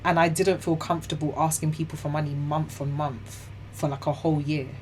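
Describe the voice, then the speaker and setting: Chatty young woman, lowish voice. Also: a little fast, a little hiss or hum. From Ghana and the UK. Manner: chatty and animated, heavy use of "like" and "you know"; laughs often while telling hard stories. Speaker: guest. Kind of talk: personal storytelling in an interview.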